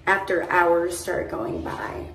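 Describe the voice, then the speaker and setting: Young female vlogger, casual rambling storyteller, lowish voice, recorded on a phone from across a roomy space. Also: lively intonation, takes it slowly, a bit bright. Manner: chatty, rambling, frequent "like" and "mind you". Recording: roomy echo, phone held at a distance.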